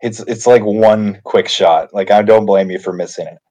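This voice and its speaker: A man with a fairly low, mellow voice chats about a film in an easy, relaxed way. He keeps dropping bits of trivia into the talk. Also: moderate pace, muffled recording. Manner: relaxed, chatty, adds trivia. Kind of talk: casual movie discussion.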